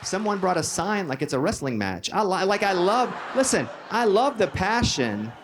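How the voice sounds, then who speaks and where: A man with a Southern US accent doing stand-up storytelling for a theater crowd, animated and jumping high when he acts out quotes. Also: normal speed, background noise. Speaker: comedian and host. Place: theater stage. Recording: live theater with long reverb and faint ambience.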